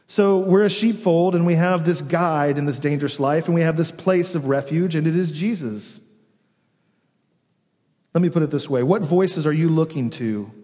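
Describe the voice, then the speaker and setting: A man's voice: fairly high pitch, mellow. Earnest male pastor preaching in a reverberant hall. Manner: earnest preaching with dramatic pauses and emphatic swells. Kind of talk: sermon.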